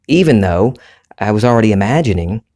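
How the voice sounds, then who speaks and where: A man with a Southern US accent, hosting a solo podcast and talking in a relaxed, rambling, conversational way. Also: fairly low pitch, fairly quick. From Southern United States. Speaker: podcast host. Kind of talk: reflective solo podcast monologue.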